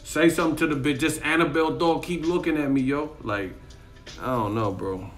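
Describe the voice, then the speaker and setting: A man's voice: on the high side, brisk, faint music behind. A man chatting casually on a live stream, rambling, swearing and laughing often, talking to his chat. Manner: rambling, profane, laughs a lot, acts out voices. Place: in Miami.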